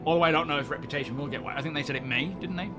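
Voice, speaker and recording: A man's voice: fairly high pitch, very fast. Guy chatting on his stream, rambly and laid back, faint music behind. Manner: rambling, chatty, greets viewers. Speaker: live-stream host. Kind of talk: casual live-stream chat.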